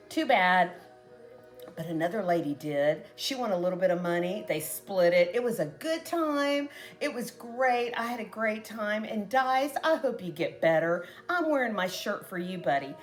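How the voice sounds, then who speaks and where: A middle-aged woman from Texas with a Texan accent, chatting casually to viewers as a craft and cooking vlogger with animated storytelling. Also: mid-range voice.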